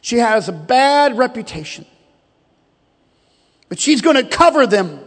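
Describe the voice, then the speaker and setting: Man, pastor, preaching a sermon, very high voice, call-and-response, long church reverb. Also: big pitch swings, a little slow. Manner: preaching with call-and-response, leading the congregation in repeated declarations. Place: church sanctuary.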